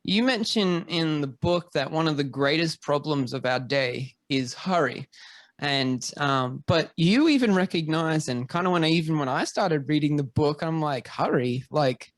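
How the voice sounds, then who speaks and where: An Australian man hosting a podcast interview, talking in a friendly, halting way with many "um"s. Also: fairly high pitch, expressive, no echo. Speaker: podcast host. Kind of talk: casual interview chat.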